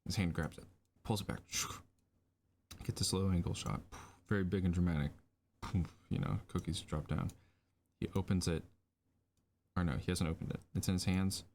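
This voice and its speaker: A deep-voiced man with a gravelly edge walks through a storyboard as he draws it. His livestream narration is improvised and rambling, full of fillers, with a faint hiss underneath. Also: steady tone, normal speed, pauses often, darkish tone. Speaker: storyboard artist streaming a lesson.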